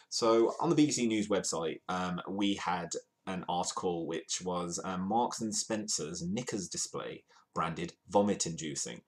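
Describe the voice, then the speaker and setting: A low-pitched man from the UK hosts a live comedy news stream. He talks in a playful, rambling way and pokes fun at himself as he goes. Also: unhurried. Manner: playful, rambling, self-mocking. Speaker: host of a comedy news show.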